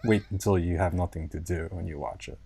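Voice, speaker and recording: A man's voice: low voice, fairly even intonation, brisk, mellow, a little hiss or hum. A man hosting a podcast in casual chat, rambling and hesitant as he describes shows. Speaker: podcast host.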